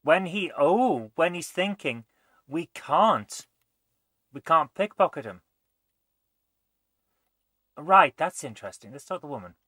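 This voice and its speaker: Male let's play host, bright dry voice, mutters and thinks aloud. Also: a little high, expressive, measured pace, pauses often, no room sound. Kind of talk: gameplay commentary.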